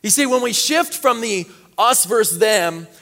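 High-voiced preacher in a reverberant hall. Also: male voice, animated, measured pace. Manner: preaching with wide swings from quiet reading to loud high exhortation. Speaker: pastor. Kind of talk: sermon.

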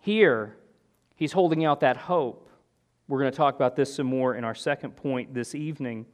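A man's voice: medium pitch, moderate pace. A man preaching an expository sermon in an earnest manner, often asking "right?" and restarting his phrases as he explains.

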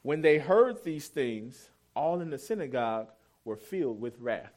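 A male pastor in his thirties delivering a sermon like a conversation. He tells stories candidly and pokes fun at himself, and his voice sits at an everyday middle pitch. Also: very animated, unhurried, darkish tone. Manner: conversational storytelling, candid and self-deprecating.

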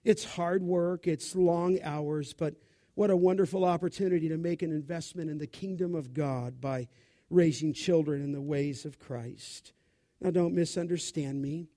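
A man preaching a sermon, with an animated, expressive delivery. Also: a little high.

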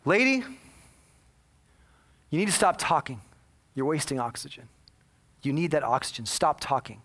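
A man's voice: on the high side, sing-song, normal speed, a bit bright, exaggerated voice. A man voicing a cold, dismissive woman emergency operator who scolds the caller, within a sermon. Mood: scolding. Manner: curt, dismissive. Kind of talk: sermon storytelling.

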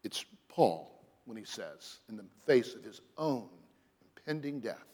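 A man preaching a sermon as pastor, earnest and emphatic, sometimes dropping to a hushed, soft delivery. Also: fairly low pitch, sing-song, a little slow, breathy edge. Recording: long reverb of a large hall.

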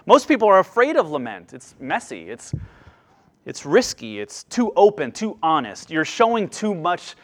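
A man preaching a sermon to a congregation in an earnest way, rising to emphatic lines and dropping to hushed, quieter asides. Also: wildly swooping pitch, moderate pace. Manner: earnest, swings between emphatic rises and hushed low asides. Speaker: pastor.

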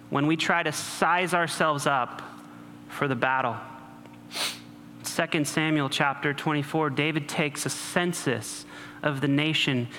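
A man delivers a sermon with a bright, forceful voice of middle pitch. He talks to the congregation conversationally and slips in joking asides. The sound carries a long hall reverb and faint background noise. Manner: conversational preaching with humor and asides. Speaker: pastor.

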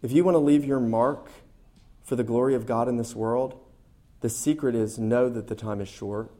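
A man's voice: mid-range voice, fairly even intonation, normal speed, warm tone. A man preaching a sermon to a congregation, earnest and emphatic, often repeating his key phrases. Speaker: pastor.

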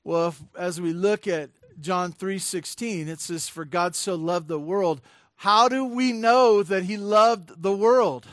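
A man's voice: sits high, slow pace, a bit bright, no echo, clean studio sound. A man preaching a sermon in a conversational style, with many fillers and restarts, building to emphatic points. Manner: rises to emphatic bursts on key points. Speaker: pastor.

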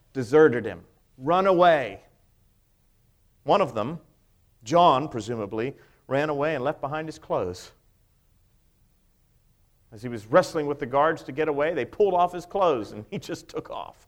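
A man's voice: fairly high pitch, lively intonation, normal speed, pauses often. A middle-aged male pastor preaching a sermon, emphatic, with many rhetorical questions.

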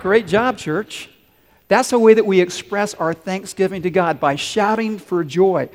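A man's voice: sits high, a little slow. A man preaching a sermon as pastor, earnest and leading his congregation in call-and-response. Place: large church sanctuary. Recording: long hall reverb.

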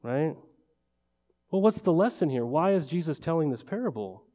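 A man's voice: fairly high pitch, very animated, moderate pace, dark tone. Chatty male pastor, reverberant hall. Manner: conversational, full of rhetorical questions and "right?". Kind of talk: sermon. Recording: long reverb of a large hall.

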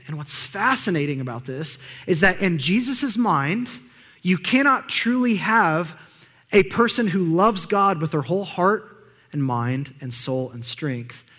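A man's voice: fairly high pitch, sharp tone, big-room sound. A man preaching a sermon in a conversational, storytelling way with emphatic rises. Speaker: pastor.

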